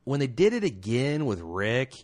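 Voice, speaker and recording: A man's voice: mid-range voice, very animated, moderate pace, a little mellow. A man co-hosting a podcast in casual chat, dry and sardonic, joking as he talks. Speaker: podcast co-host.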